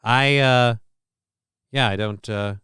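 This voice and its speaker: A male streamer talks in a loose, rambling way, cursing freely and reading out chat names between remarks. His voice is very clean and smooth, recorded dry and close. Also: mid-range voice, fairly even intonation, slow pace, fairly bright tone, no room sound. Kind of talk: casual live-stream commentary.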